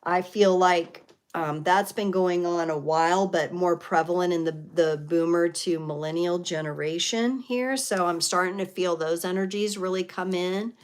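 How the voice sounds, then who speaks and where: A woman's voice: fairly low pitch, steady tone, normal speed, few pauses, clear, resonant tone. A woman in her forties or fifties hosting a live tarot reading, speaking in a reflective, spiritual way with frequent fillers and restarts. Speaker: tarot reader and livestream host.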